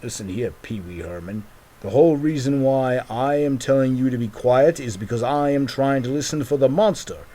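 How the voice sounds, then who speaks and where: A man's voice: lowish voice, lively intonation, unhurried, mellow, breathy edge, poor audio. A man voicing a bossy, protective pirate leader in a homemade toy movie. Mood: stern.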